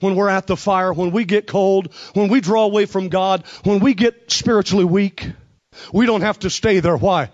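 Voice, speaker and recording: A man preaching an impassioned revival sermon, with rhythmic repetition and bursts of shouting. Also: high voice, steady tone, moderate pace, dull audio.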